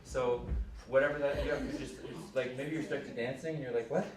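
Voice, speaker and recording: A man coaching a singer in a master class, animated and laughing as he acts out lines. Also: mid-range voice, brisk, a crowd in the background. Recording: echoey hall, distant mic, background noise.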